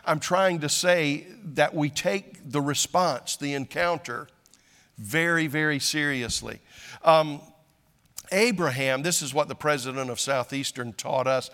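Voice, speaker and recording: An older male pastor delivers a sermon in a loose, conversational way, often restarting his sentences and poking fun at himself. His voice sits a little high for a man. The sound rings with the long reverb of a large church hall. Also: measured pace, pushed and bright. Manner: conversational, self-deprecating humor with frequent restarts.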